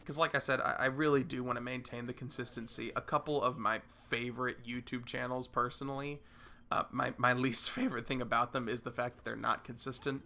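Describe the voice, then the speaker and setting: A young man hosting his gaming channel with a sick, gravelly voice. He rambles loosely with plenty of "uh"s and restarts. His tone stays bright and forceful under the hoarseness. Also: medium pitch, level tone, a little fast. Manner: rambling, repeats words and fills with "uh". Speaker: YouTube gaming channel host. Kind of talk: casual vlog Q&A.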